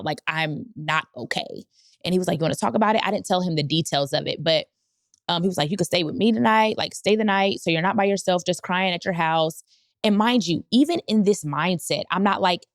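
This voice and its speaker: A woman in her thirties tells a personal story on her podcast. She talks casually and animatedly, her voice sitting a little low and leaping high when she quotes someone. The sound is dry and close. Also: no room sound. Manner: animated, jumps to high pitch when quoting others. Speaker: podcast host.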